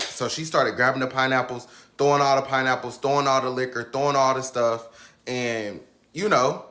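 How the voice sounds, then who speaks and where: A man with a bright, forceful voice tells a story in a relaxed, slangy way. He talks straight to his viewers and keeps calling them y'all. It sounds like a casual story time. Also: mid-range voice. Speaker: storyteller in a clip.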